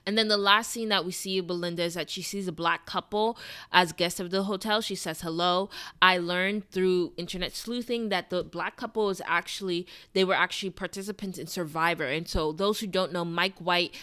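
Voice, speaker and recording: A woman's voice: fairly low pitch, steady tone, normal speed, a bit bright, smooth. Wry woman reviewing a TV episode. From South Florida. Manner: opinionated, wry, with frequent asides. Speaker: TV review vlogger. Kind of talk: scripted review monologue.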